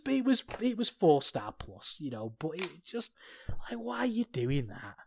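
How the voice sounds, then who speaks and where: A podcast co-host reviewing a wrestling match in casual chat, ranting with passion and then turning soft and sheepish. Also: medium pitch.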